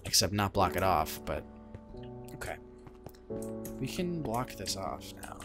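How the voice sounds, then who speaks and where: Man, gameplay commentary, lively up-and-down voice, excitable, game music behind. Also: low voice, unhurried. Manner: rambling, self-interrupting, excitable. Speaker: let's play host.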